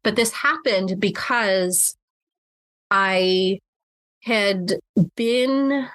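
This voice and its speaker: A woman as a reflective clinician-host, mid-pitch, dry close sound, thinks aloud with restarts. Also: drawn-out words, fairly bright tone, no room sound. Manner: reflective, with frequent restarts and fillers. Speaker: podcast co-host and mental health clinician. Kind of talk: casual podcast chat.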